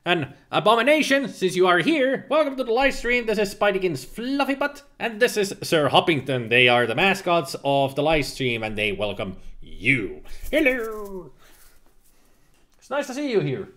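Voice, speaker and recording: Man, livestream host, chatty, fairly high pitch, crisp bright tone. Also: big pitch swings, normal speed, few pauses. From Finland. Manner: chatty, laughs often, restarts words. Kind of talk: casual chat reading a live chat.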